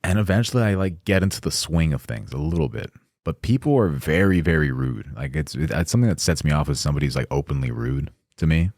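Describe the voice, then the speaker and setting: A man's voice: a bass voice, fast talker, gravelly, dry recording, studio quality. A young man telling stories casually on a podcast, swearing freely and acting out the voices of the people he quotes. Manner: animated storyteller, swears freely, acts out quotes. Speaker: podcast guest. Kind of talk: casual storytelling chat.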